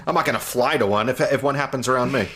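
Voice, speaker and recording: A man co-hosting a casual comedy podcast, cracking jokes and quick asides between laughs. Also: mid-range voice, a crowd in the background. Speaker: podcast co-host.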